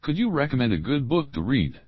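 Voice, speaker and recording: A man's voice: medium pitch, big pitch swings, no echo, highs cut off. A man reading example questions one by one for English learners, saying the opening words and then the whole question. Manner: slow, clear drill reading, repeating each opening phrase. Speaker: English teacher.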